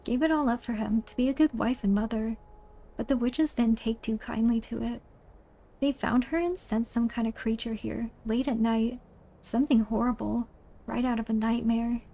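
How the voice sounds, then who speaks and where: A woman voicing a boastful male thief who talks in rough, folksy slang. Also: a little high, fairly even intonation, normal speed, dark tone. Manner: ungrammatical folksy thief talk.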